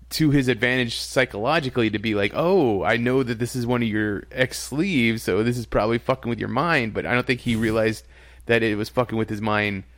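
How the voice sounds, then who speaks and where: A relaxed, talkative man hosts a podcast, chatting about a TV episode. He laughs easily and often trails off and starts again. His voice is recorded close and dry, with no room sound. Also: mid-range voice, no echo. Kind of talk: casual chat reviewing a TV episode.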